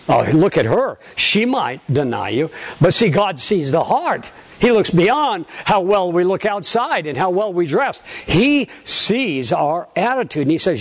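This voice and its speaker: An older male pastor delivering a sermon to his congregation. His voice sits high and swings widely in pitch as he tells animated stories and counts off his points. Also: normal speed. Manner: animated storytelling, laughs at own anecdotes.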